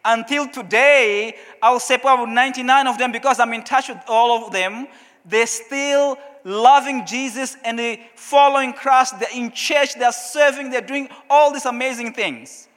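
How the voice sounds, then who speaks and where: A man with a Portuguese accent preaches in English, telling his story with lively, acted-out moments. His voice sits very high and sounds bright and forceful. A long reverb trails behind every phrase. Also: moderate pace. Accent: Portuguese-speaking African. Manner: storytelling, animated, acts out his own past questions. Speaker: pastor. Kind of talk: sermon.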